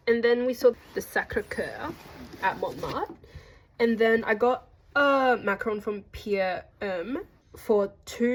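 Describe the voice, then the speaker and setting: Chatty young woman vlogger, husky voice. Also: on the high side, rough recording. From Australia. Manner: chatty, jokey, addresses viewers as guys. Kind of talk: casual chatty vlog narration.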